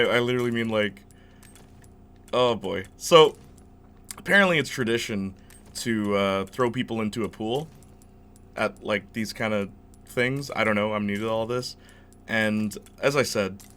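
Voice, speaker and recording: Playing through a game on his channel, this young host rambles and spins stories in relaxed, chatty commentary. His voice sits on the low side, smooth and fairly bright.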